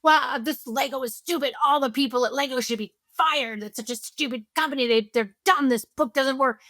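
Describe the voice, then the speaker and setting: A woman's voice: high-pitched, brisk, a bit bright, voice pushed up. A woman putting on the voice of an upset eight-year-old child, ranting and complaining shrilly. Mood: indignant.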